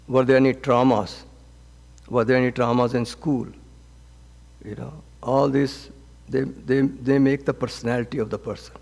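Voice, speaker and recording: A man as a swami teaching a scripture class, speaking gently and haltingly with frequent restarts and repeated words. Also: medium pitch, vocal fry. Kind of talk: spoken scripture class with counseling advice. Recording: long reverb of a hall.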